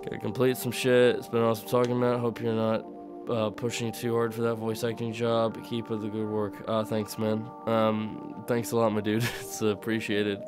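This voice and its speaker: A man's voice: on the low side, completely flat delivery, moderate pace, over music. A young man who grew up in the UK, talking in a mixed American-sounding accent, chatting casually on a stream, rambling and laughing, with light swearing. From United Kingdom. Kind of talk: casual chat to live chat.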